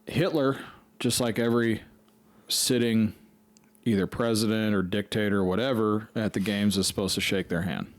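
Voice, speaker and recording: A man's voice: lowish voice, fairly even intonation, normal speed, dry recording. A man hosting a podcast, telling a rambling, profane story in casual chat. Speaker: podcast host.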